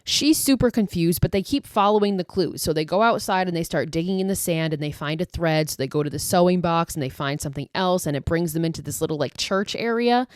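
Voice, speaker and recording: A woman's voice: fairly low pitch, fairly quick, few pauses, no echo, studio quality. A woman podcast host casually recapping a horror movie, chatty and loose, with plenty of filler words and the odd swear.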